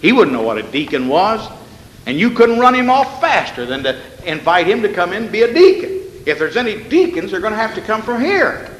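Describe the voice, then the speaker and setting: A male pastor with a high-pitched, very animated, slightly bright voice delivers an evening sermon at a brisk pace. In the church sanctuary's echoey hall with long reverb and slight background noise, he reads scripture and drives points home with rhetorical questions and folksy asides.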